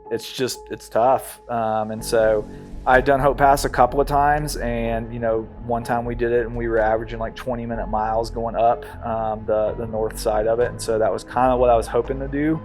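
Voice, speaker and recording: Man recounting a race, halting. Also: medium pitch, little pitch movement, darkish tone, soft background music. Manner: halting and conversational with many fillers. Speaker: ultramarathon runner telling his race story. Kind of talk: documentary interview.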